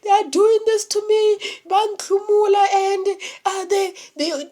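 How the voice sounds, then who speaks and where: A woman's voice: very high-pitched, fairly even intonation, unhurried, warm tone, voice pushed up. A woman doing a panicked, aggrieved young man.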